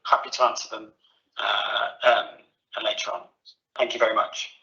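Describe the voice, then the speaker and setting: A man's voice: fairly low pitch, flat delivery, moderate pace, gravelly, bright, forceful tone. A man briefly addressing an online audience, hesitant with fillers. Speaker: event speaker. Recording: muffled lo-fi audio.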